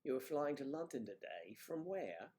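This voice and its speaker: A man hosting a livestream, chatting casually with viewers and joking, with quiet, half-whispered asides. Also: medium pitch, big pitch swings, unhurried. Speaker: livestream host. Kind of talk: casual chat reading viewer comments.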